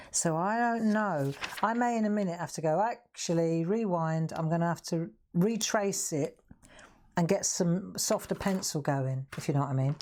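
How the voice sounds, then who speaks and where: A woman hosts a live craft demonstration, chatting to viewers and laughing often as she works. Her voice is lowish, and the background is noisy.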